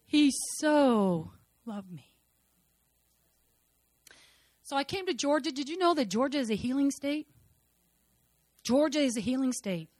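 Woman, 50s, high voice, dry sound; dramatic church testimony, soft to loud. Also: lively intonation, brisk, no echo. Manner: dramatic storytelling, swinging between soft and loud. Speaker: speaker giving testimony.

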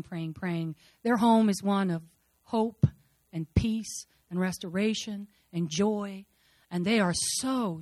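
A woman giving an emotional church testimony, fervent and repetitive, moving between loud declarations and hushed murmurs. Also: mid-range voice, dry recording. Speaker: speaker sharing a personal testimony.

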